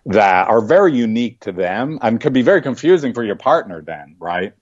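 Animated man telling stories, slightly lo-fi. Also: mid-range voice, brisk. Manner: animated storytelling with frequent rhetorical "right?". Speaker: marriage and family therapist. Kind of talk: conversational podcast interview.

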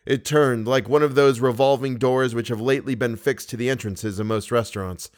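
A man reads a classic novel as an audiobook narrator, keeping the storytelling steady and even. His voice sits in an ordinary male range. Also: medium pitch, a little fast. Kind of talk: scripted narration.

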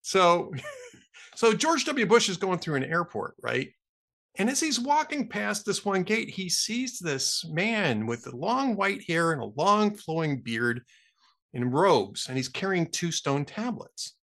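Guy hosting a podcast, cracking jokes, bright voice, really swingy pitch. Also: a little slow. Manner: animated storyteller, laughs often. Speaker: podcast host. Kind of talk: casual podcast chat, telling jokes.

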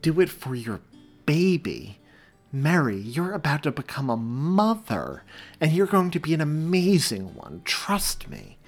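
A man reading aloud, voicing a wry, steady young man who speaks sarcastically but firmly and gently. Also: medium pitch, normal speed, soft background music. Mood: gentle. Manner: sarcastic, then gentle and firm.

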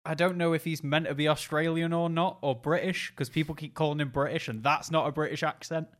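A man's voice: fairly high pitch, fairly even intonation, brisk. A young man co-hosting a casual film podcast, blunt and swearing casually. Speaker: podcast co-host.

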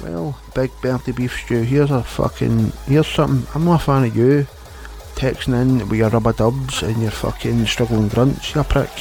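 A man's voice: medium pitch, fairly even intonation, normal speed, creaky, music in the background. A young Glaswegian man playing a pirate radio DJ, ranting in a sweary, exasperated way. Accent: Glasgow Scottish. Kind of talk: scripted comedy radio show.

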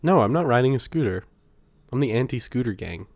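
A man's voice: mid-range voice, expressive, fairly quick, darkish tone, no room sound. A man trading jokes as a podcast co-host, laughing often and wandering through his sentences. His voice sits in a middle range and is recorded close and dry, with no room sound. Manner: joking, laughs often, rambling with fillers. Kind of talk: casual banter.

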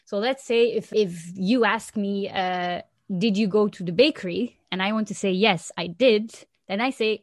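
A woman from Flanders, a Dutch speaker, chatting lively as a podcast co-host, laughing often and restarting sentences. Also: mid-range voice, normal speed, few pauses, no room sound, clean studio sound. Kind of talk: casual explanatory chat.

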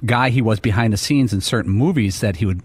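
A man's voice: fairly low pitch, fast talker, slightly rough, no echo. Enthusiastic male co-host, dry sound. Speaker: show regular, co-host. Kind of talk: casual sports talk.

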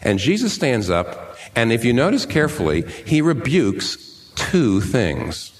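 A man preaching a sermon, conversational and emphatic, with pitch that swings up and down as he stresses his points. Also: big pitch swings, measured pace. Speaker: pastor.

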